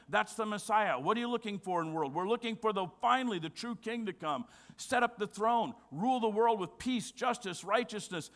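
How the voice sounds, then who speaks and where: A male pastor preaching a sermon. He is emphatic, asks rhetorical questions, and drops to a quiet, low voice for solemn points. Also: expressive, brisk, hardly any pauses.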